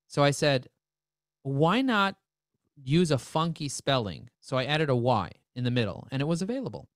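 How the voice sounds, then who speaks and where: A man presenting a live webinar, talking in energetic, joking sales patter. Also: mid-range voice, moderate pace, no echo, clean studio sound.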